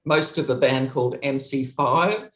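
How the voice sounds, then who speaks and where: In an interview, a middle-aged woman who used to be a touring roadie tells a story at a measured pace, laughing along the way. She acts out the quoted dialogue with lively, big jumps in pitch, and the room is echoey.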